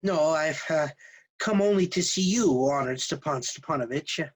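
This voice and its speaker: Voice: mid-range voice, animated, normal speed, natural voice, rough recording. A performer playing a flustered, hypochondriac male suitor in his thirties, stammering and hesitant. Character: nervous, hypochondriac 35-year-old male suitor. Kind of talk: stage acting.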